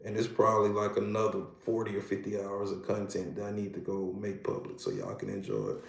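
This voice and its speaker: A man's voice: lowish voice, a little fast, vocal fry, roomy sound. A man, a hypnotherapist, hosting a casual livestream, talking animatedly and greeting viewers by name.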